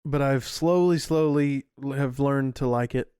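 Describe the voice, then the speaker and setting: A young man co-hosting a podcast, breaking down sports trades in relaxed, slangy chat. His voice sits at a middle pitch. The recording is close and dry. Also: a little slow, smooth, no room sound. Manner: chatty sports talk, laid-back with slang. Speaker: podcast co-host. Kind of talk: casual chat.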